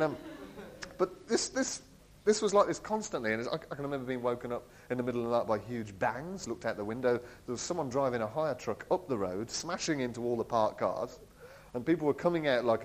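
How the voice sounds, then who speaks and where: A man telling a personal story in an animated way. He laughs often and acts out the voices of the people he quotes. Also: mid-range voice, rough recording. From England. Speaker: speaker sharing a personal testimony. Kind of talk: storytelling talk.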